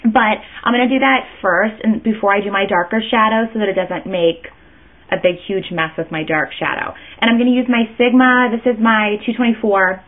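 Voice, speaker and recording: A woman's voice: medium pitch, normal speed. A woman chatting her way through a makeup tutorial, rambling and interrupting herself as she goes. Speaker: beauty vlogger. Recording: tinny phone-like sound.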